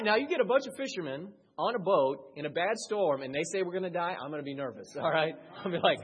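Male pastor mid-sermon; husky, rises to loud high peaks and drops low and quiet. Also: lively intonation, quick pace, hardly any pauses.

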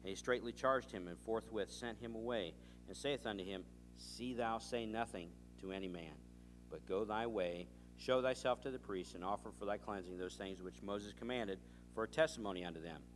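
A man preaching, telling a story with animated dialogue and reading scripture. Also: lowish voice, normal speed, over music. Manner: animated storytelling, acting out both sides of a dialogue. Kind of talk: sermon with anecdotes.

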